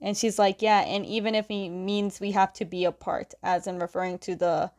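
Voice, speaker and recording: A woman's voice: medium pitch, steady tone, moderate pace, darkish tone. A woman casually retelling a comic story, stringing quotes together with "and he's like" and laughing now and then. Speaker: comic book recapper.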